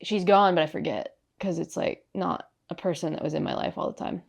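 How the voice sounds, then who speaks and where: Gravelly low-voiced young woman, chatty. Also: fairly quick. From Ohio, raised in Southern California. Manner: chatty, laughs often, acts out quotes. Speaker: podcast guest. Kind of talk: casual interview chat.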